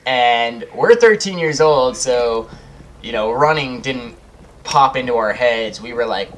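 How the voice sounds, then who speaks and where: A man's voice: mid-range voice, animated, a little slow, a bit bright, slight background noise. Rambling young man telling a story. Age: young adult. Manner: rambling, swears freely, laughs through the story. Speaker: gaming channel host. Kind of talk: casual storytelling over gameplay.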